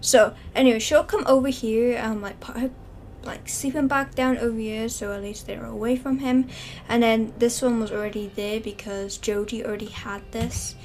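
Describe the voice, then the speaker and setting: A woman's voice: a little high, steady tone, normal speed, a little mellow. Chatty woman telling a game story. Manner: chatty, filler-heavy with "like". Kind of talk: casual game story narration.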